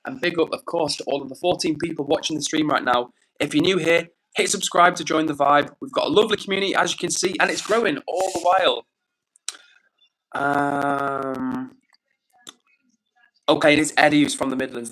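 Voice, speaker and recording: An upbeat young man, talking casually on his live stream. His voice sits a little higher than most men's, and he reads out chat messages in a chatty, slang-filled way. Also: brisk, sharp tone. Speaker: livestreamer.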